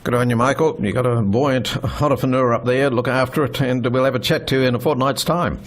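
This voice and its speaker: A man's voice: mid-range voice, fairly even intonation, fairly quick. A man hosting a morning radio show and chatting in a friendly way with a guest. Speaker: radio host. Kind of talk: casual radio interview.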